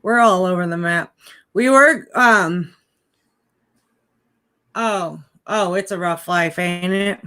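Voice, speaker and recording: Woman vlogger, bright tone, rambling casual chat at home. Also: lowish voice, slow, long pauses. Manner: chatty, rambling, coos to a puppy. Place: home indoors.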